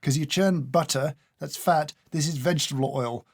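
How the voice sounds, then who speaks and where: A man's voice: a little high, moderate pace, breathy edge, dry recording. Dry, sarcastic man tasting food. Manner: dry, sarcastic, opinionated, scolds the products directly. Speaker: food taste tester. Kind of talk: casual taste-test commentary.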